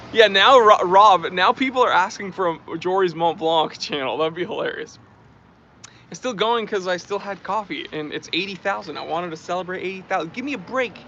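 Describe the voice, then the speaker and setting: A man's voice: sits high, moderate pace, pushed and bright, a little hiss or hum. A man hosting a casual live stream, chatting and reading out and thanking viewer comments. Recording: dull lo-fi stream audio.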